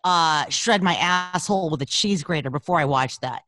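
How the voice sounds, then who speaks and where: A woman co-hosting a podcast in casual chat, brash, profane and animated. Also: low voice, moderate pace, dry recording, studio quality. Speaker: podcast co-host.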